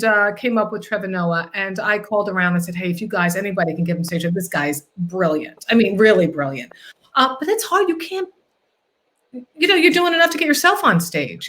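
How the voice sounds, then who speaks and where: A woman hosting a casual interview, telling stories in a lively way and acting out what people said. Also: mid-range voice. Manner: animated storyteller, acts out quotes. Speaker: host.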